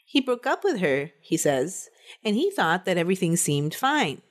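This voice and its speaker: A woman's voice: fairly low pitch, sing-song, moderate pace. Chatty woman telling a true-crime case. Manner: chatty, laughs between facts. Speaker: podcast co-host telling the case. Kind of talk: casual true-crime storytelling.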